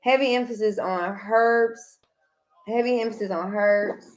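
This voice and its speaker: A woman giving a casual tarot reading to viewers, chatty, often repeating "heavy emphasis" and "okay," with bursts of excitement. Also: a little high, a little slow, soft background music. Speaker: tarot reader.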